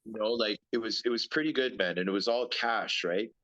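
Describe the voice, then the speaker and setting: A man's voice: on the low side, fairly quick, fairly bright tone, lo-fi sound. A man in his thirties, a former pro hockey player, telling stories as a guest in a casual interview, rambling with many fillers and repeated words.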